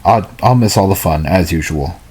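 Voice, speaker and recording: A man at home reading a novel aloud in a halting way. He often stumbles and goes back to reread lines, and he stops now and then for casual asides. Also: low-pitched, darkish tone, husky. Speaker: hobby reader.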